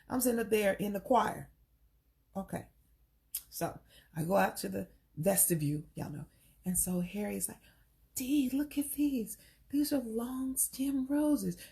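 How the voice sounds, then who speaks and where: A woman's voice: mid-range voice, vocal fry, darkish tone. A middle-aged woman coaching on relationships in casual, sassy talk, preaching straight to the ladies. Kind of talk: casual talk to camera, live stream.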